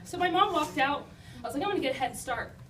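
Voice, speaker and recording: High-voiced young woman, self-deprecating comic storyteller, picked up from afar in a roomy, noisy space. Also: lively intonation, quick pace, a bit bright. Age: young adult. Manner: self-deprecating, chatty, lots of "like" and "you know". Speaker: speaker telling life stories to an audience. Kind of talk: humorous personal storytelling. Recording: roomy, distant mic, noisy.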